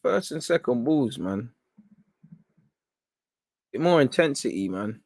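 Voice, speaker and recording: A young man giving live, excitable reaction commentary on a football match as host of a fan watchalong. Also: mid-range voice, takes it slowly, dry recording, clean studio sound. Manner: excitable, urgent, coaching the players.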